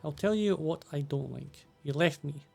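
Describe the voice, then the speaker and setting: A man's voice: on the high side, normal speed, vocal fry, soft background music. A man reading the lines of a resentful, reproachful tribeswoman aloud from game subtitles, in his own voice.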